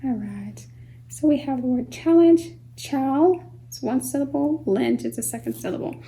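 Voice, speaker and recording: A woman gives a phonics lesson for young children, her voice high with a gravelly edge and a mellow, darker tone. She sounds words out slowly and patiently, sometimes softening to a whisper. Faint background noise sits under the recording. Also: lively intonation, poor audio. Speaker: homeschool teacher.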